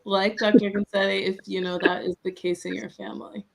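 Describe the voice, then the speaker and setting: A woman's voice: medium pitch, little pitch movement, brisk, gravelly, a crowd in the background, rough recording. Earnest woman panelist. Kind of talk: panel discussion.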